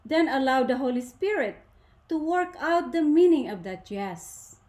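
A woman giving a faith talk to a women's gathering in a deliberate, emphatic way, asking rhetorical questions. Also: high-pitched, expressive, a little mellow. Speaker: speaker at a women's ministry gathering.

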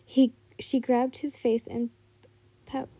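A woman's voice: on the high side, level tone, slow, warm tone, slightly rough. A woman reading fan fiction aloud, often stumbling over words and correcting herself.

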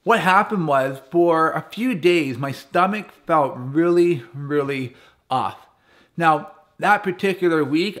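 A man with a fairly high voice tells a personal story to a camp crowd as a guest speaker. He keeps it conversational and playful, leaning on humor as he goes. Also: a bit bright. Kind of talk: personal storytelling talk to campers.

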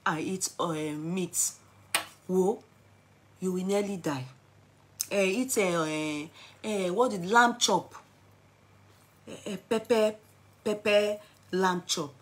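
A middle-aged woman with a Nigerian accent tells a personal story to camera in a vlog, dramatic and animated, switching between English, pidgin and Yoruba. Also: medium pitch, takes it slowly, long pauses. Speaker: vlogger.

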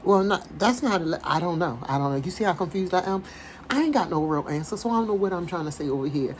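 A woman with a lowish voice talks casually as she reads a letter to her viewers. She keeps stopping to comment, amused and exasperated, and a faint hiss sits under her speech. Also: expressive, fast talker, low-quality recording. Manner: laughing, exasperated, chatty asides. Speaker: online commentator reading a letter aloud. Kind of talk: casual commentary with dramatic reading.

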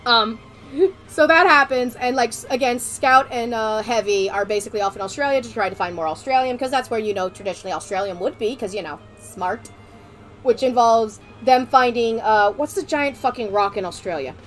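A woman streamer chatting casually, excitable and rambling, often breaking into giggles. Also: a little high, brisk, faint music behind. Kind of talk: casual chat.

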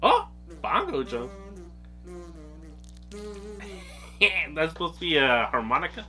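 A woman's voice: on the low side, sing-song, slow pace, sharp tone, faint music behind. A woman hosting a reaction video, commenting casually with frequent exclamations, slang and laughter. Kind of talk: casual commentary over a cartoon. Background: faint cartoon audio.

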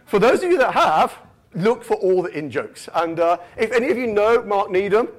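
A man's voice: high voice, big pitch swings, normal speed. A British man from the United Kingdom giving a jokey, self-mocking conference keynote, often tagging lines with "right?".

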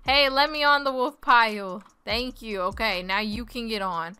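Bright, high-voiced woman gaming. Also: moderate pace, clear, resonant tone, no echo. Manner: playful, laughs often, reads players' text aloud. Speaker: gaming video host. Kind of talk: casual game commentary.

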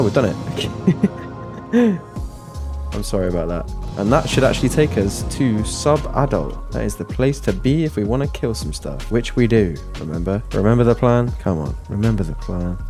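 A British man with a lowish, slightly mellow voice gives casual commentary over his own gameplay. He's playful and chatty, joking with his viewers.

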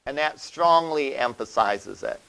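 A man's voice: medium pitch, animated, unhurried, gravelly, fairly bright tone, smooth, low-quality recording. A male college instructor giving a classroom lecture, explaining step by step and often checking in with "all right?". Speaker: college web development instructor.

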